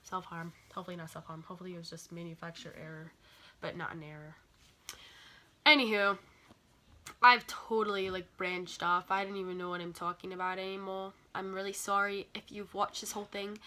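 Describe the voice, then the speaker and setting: Female vlogger, scattered self-deprecating monologue, bright voice. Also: on the low side, level tone, fairly quick. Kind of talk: rambling casual monologue.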